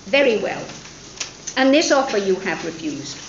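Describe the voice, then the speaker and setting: A dry, rueful older gentleman speaks with measured irony, as a woman lecturer reads him aloud. The lines rise and fall with lively expression. The sound is roomy and a little dull. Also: medium pitch, noisy background. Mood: dryly ironic. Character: wry, rueful intelligent older gentleman father.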